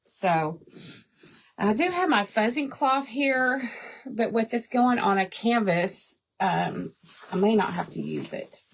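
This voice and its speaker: A woman's voice: medium pitch, animated, slow, vocal fry, breathy edge. A woman hosting a casual live craft unboxing, chatting and greeting viewers by name as she works. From Arkansas, southern United States. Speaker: craft livestream host. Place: indoor home craft space. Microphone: phone.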